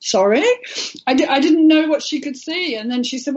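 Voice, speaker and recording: This is a woman with a slightly high voice, giving a radio interview. She tells her story in an earnest, heartfelt way. The audio comes through a little dull and lo-fi. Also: moderate pace, a little mellow. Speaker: guest, intuitive healer.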